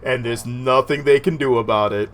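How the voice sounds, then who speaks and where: A man's voice: medium pitch, normal speed. A man from the Southern US chatting casually while playing a game on stream, laughing often and muttering at what happens on screen. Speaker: gaming streamer. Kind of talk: casual gameplay chat.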